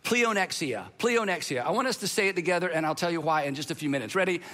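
Middle-aged male pastor, sermon delivery, high and bright, chatty and animated. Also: very fast. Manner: conversational, animated, acts out quoted voices.

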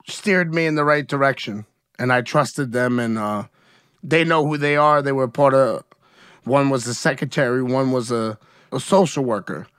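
With a mid-range, somewhat bright voice, a U.S. man opens up emotionally as a guest in a frank, conversational interview, repeatedly asking "you know what I mean?" The audio is studio quality, with no echo.

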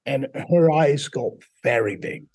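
As an interview guest, a middle-aged man from Mississippi in the US South recounts his story in a British-sounding accent caused by foreign accent syndrome, mimicking quoted voices along the way. He speaks unhurriedly, in a darkish mid-range voice with lively intonation.

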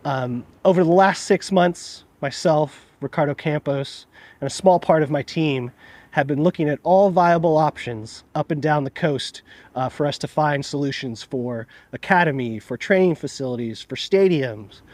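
A man, a club owner, giving a measured, prepared public statement. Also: on the high side, darkish tone, no room sound. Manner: measured, formal. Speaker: club owner making an announcement.

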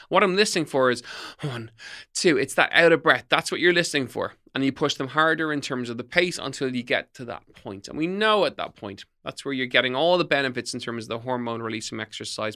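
Bright-voiced fitness podcast host. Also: male voice, medium pitch. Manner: emphatic, repetitive, coaching tone. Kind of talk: solo podcast talk, tips.

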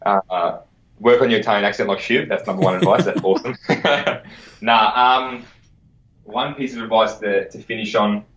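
A man's voice: fairly low pitch, normal speed, fairly bright tone. A man, a podcast guest chatting casually with lots of energy, swearing freely and repeating words. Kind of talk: casual interview chat. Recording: echoey, muffled sound.

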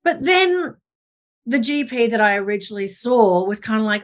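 A woman in her forties, a podcast guest talking candidly over a video call, animated and self-mocking as she tells her story. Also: fairly high pitch, moderate pace. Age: 40s. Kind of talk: candid conversational interview.

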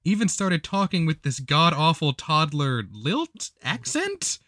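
Guy reading a post out loud on a comedy podcast, voice bouncing all over, dry close sound. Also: a little high, a little slow, no room sound. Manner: animated, breaks into laughter. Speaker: podcast co-host reading a story aloud.

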